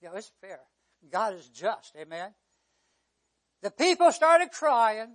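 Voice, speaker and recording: High-voiced preacher. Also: male voice, very animated, unhurried, pauses often. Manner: preaching with surges to near-shouting and drops to a hush. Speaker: pastor. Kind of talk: sermon.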